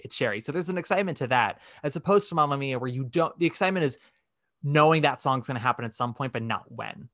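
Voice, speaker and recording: A man co-hosting a casual podcast, telling a story with lively acted-out quotes. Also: mid-range voice, no room sound, studio quality. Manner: animated storytelling, acting out quotes. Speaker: podcast co-host.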